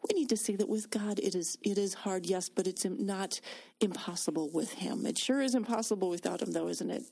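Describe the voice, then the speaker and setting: A woman's voice: medium pitch, fairly quick, creaky, warm tone, slightly rough. A woman talking about faith and ministry in a conversational show, earnest and anecdotal, with frequent fillers. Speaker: Christian women's ministry speaker.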